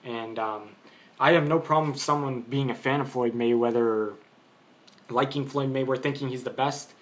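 A man's voice: mid-range voice, fairly even intonation, normal speed. A man giving an unscripted boxing opinion in a vlog, arguing his point, rambling and restarting his sentences. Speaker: boxing commentator.

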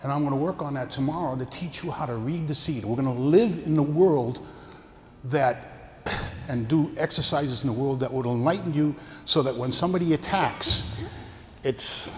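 An older man with a medium-pitched voice teaches a karate seminar at a normal pace, explaining techniques and coaching students through partner drills and demonstrations. The echoey hall adds long reverb and faint ambience, with slight background noise.

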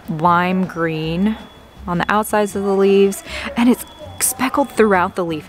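A woman plant vlogger chatting casually as she browses a big box store garden center, easily excited. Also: fairly low pitch. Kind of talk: casual walk-through narration.

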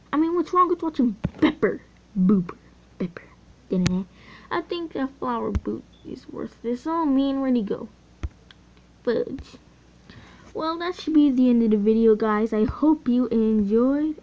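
A teenage girl chatting casually over gameplay, easily excited and often trailing off mid-sentence. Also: a little high, a little hiss or hum. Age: teens. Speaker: gaming channel host. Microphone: phone mic. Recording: dull lo-fi phone audio.

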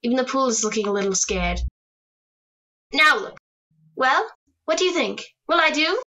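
Speaking in a sing-song way at normal speed, a woman with a high, sharp-toned voice gives a heavily acted performance over a little hiss or hum. Her role in the radio drama is a teasing, bubbly teenage daughter, adoring and playful, who is putting her hair up.

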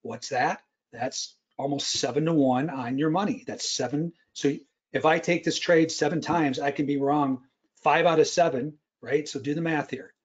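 Muffled webinar trader talking through math. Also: male voice, mid-range voice. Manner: explains step by step, keeps checking in with "right?". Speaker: futures trader presenting a webinar. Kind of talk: live trading webinar explanation.

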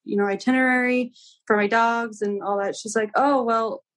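Young woman rambling through a travel horror story, high-ish voice, keeps saying like. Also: moderate pace. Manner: animated, acts out quoted dialogue, many "like"s. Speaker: guest. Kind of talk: casual storytelling.

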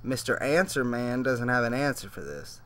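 A man's voice: medium pitch, normal speed, a crowd in the background. A man giving sarcastic, mocking reaction commentary over a played video.

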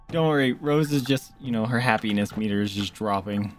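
Teasing, foul-mouthed gamer, lively pitch. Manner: joking, teasing, frequent swearing. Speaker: gamer on a co-op stream. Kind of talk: casual gaming banter.

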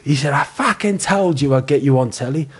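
A Liverpool-accented man in his forties telling show-business stories in relaxed podcast chat. He brings the anecdotes to life by acting out the people in them, with plenty of laughter and swearing. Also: on the high side, fairly quick, slightly rough. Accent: Liverpool (Scouse). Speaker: comedian guest. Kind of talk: casual storytelling chat.

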